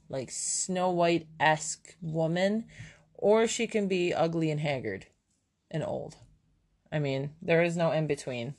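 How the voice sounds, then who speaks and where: A woman in her thirties hosting a casual solo podcast at home, chatty and self-mocking, her mouth sore and her words a little slurred. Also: fairly low pitch. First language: German. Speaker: podcast host. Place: home room with kids nearby.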